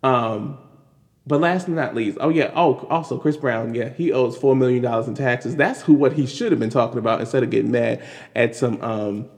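A man's voice: medium pitch, moderate pace. Exasperated man with hall reverb. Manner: animated, exasperated, many restarts and fillers. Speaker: commentary vlogger. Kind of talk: casual news commentary.

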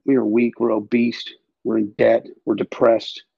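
A man's voice: medium pitch, flat delivery, moderate pace, vocal fry, husky, no echo, muffled recording. A man hosting a podcast, talking in an emphatic, profane, ranting way. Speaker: podcast host. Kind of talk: casual political chat.

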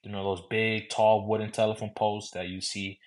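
Young male host from San Antonio, lowish voice, loose conversational storytelling. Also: little pitch movement, fairly quick. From San Antonio, Texas. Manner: loose, conversational, repeating "I remember". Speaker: podcast host. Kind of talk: personal storytelling.

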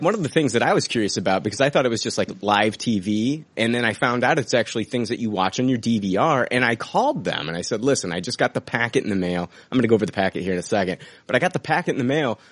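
A man hosting a podcast, rambling casually with lots of swearing and laughing at his own jokes. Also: on the low side. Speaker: podcast host. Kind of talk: casual profane banter.

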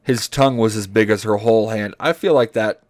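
A man co-hosting a comedy podcast, reading a story aloud in a deadpan way and stopping to comment on the text. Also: lowish voice, a little fast, dry recording, studio quality. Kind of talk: comedic read-aloud with banter.

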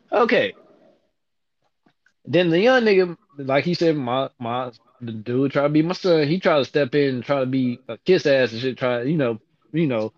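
Man, profane storytelling monologue, lively swooping pitch, dull lo-fi audio. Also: no room sound. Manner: animated, profane, acts out quotes with big pitch jumps.

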